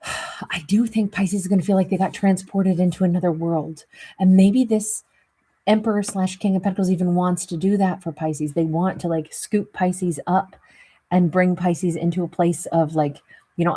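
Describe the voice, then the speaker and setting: A woman's voice: on the low side, steady tone, normal speed, dark tone, husky. A woman host giving a casual tarot reading, wheezy and rambling, with plenty of fillers. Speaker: tarot reader.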